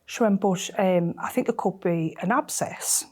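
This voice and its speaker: A middle-aged woman, telling a personal story in an emotional, halting way that often drops to a near whisper. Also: mid-range voice, a little mellow. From North East England. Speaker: interviewee.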